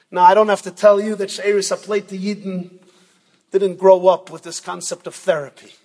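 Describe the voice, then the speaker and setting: Dramatic male rabbi-preacher, very high husky voice, big hall reverb. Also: flat delivery, moderate pace. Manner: dramatic, emphatic, swings between loud and soft. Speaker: rabbi speaker at a yeshiva event. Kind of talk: sermon with storytelling. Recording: long reverb from a large hall.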